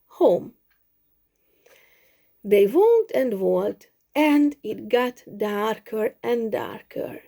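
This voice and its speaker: A woman telling a simple story for English learners, slow and expressive with many repetitions. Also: medium pitch. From Hungary.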